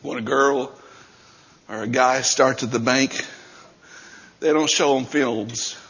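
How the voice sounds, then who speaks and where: A man preaching a sermon as pastor, swinging between shouted passages and quieter talk. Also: medium pitch, fairly even intonation, slow pace, husky, dull audio.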